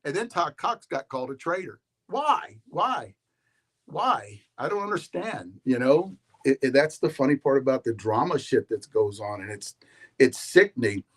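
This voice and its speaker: Man, podcast host, mid-pitch voice, loose rambling monologue, animated and full of restarts. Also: moderate pace. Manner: animated, storytelling, frequent restarts and laughs.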